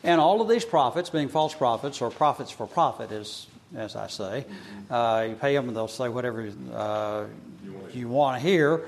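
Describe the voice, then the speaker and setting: A man's voice: mid-range voice, lively intonation, normal speed. A man teaching a Bible passage in a casual, conversational way, with frequent fillers and humorous asides. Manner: conversational, colloquial, hesitant, humorous.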